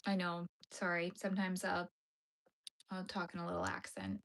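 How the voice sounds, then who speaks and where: A woman's voice: on the low side, flat delivery, normal speed. Chatty young woman crocheting on a livestream. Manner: chatty, drifts into soft murmurs and whispers. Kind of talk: casual livestream chat while crocheting. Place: home crafting room.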